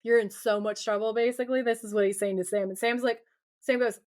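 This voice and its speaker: A woman co-hosting a podcast, telling a TV episode as an animated story, acting out characters' lines and laughing often. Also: fairly high pitch, fast talker. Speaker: podcast co-host. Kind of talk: casual recap chat.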